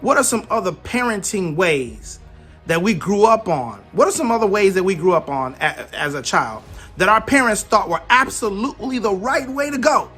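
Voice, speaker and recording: Forties guy giving a pep talk on parenting, high bright voice, real emphatic. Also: normal speed, husky, soft background music. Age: 40s. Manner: emphatic, animated storytelling. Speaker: parenting speaker. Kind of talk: motivational talk.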